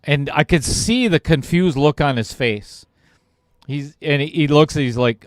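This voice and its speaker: Male pool commentator, casual self-mocking storyteller, drawn-out delivery. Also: fairly high pitch, no echo, clean studio sound. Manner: self-deprecating storyteller who laughs at himself. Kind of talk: casual anecdote told on air.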